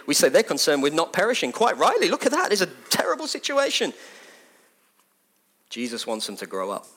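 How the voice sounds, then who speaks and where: A man preaching a sermon in a conversational, animated way, repeating phrases for emphasis. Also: mid-range voice.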